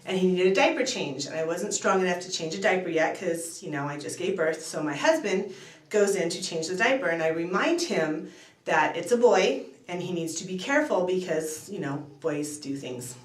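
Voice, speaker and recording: Woman telling a funny family story, gets all animated, sounds far off in an echoey room. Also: on the low side, normal speed. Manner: animated, rising to excited exclamations. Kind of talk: casual storytelling. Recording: echoey room, distant mic.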